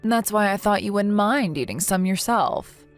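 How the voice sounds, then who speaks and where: A woman with a mid-range voice and moderate pace, lightly acting, voices a caring, outspoken young woman in a text-message story reading. She speaks firmly and reassuringly over soft background music.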